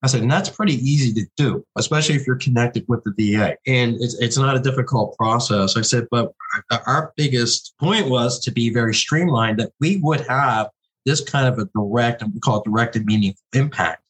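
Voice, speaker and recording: A man's voice: mid-range voice, a little fast, husky, rough recording. A man running a veterans' charity, telling a story in a conversational way and acting out the people he quotes. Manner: animated, quotes callers in a raised voice. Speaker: founder of a veterans' charity fund.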